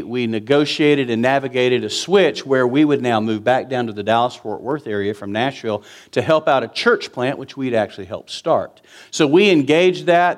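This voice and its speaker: Earnest preacher man in his fifties. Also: medium pitch. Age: 50s. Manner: earnest and conversational, with emphatic repetition. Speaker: pastor. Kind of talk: sermon.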